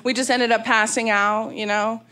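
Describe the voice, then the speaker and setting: A woman's voice: on the high side, moderate pace. A woman in her thirties from Las Vegas, doing a candid, brash stand-up set on a comedy club stage, talking into a handheld mic. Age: 30s. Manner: brash, candid storytelling with big animated asides. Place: comedy club stage before a live audience. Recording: live club recording with audience laughter. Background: crowd laughter and room ambience.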